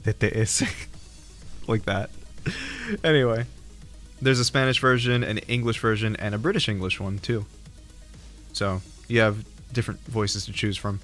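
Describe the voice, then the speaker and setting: A man's voice: lowish voice, fairly even intonation, normal speed, long pauses, fairly bright tone. A man streaming, chatting casually in a joking, rambling way, often laughing at his own jokes. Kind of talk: casual chat. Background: faint background music.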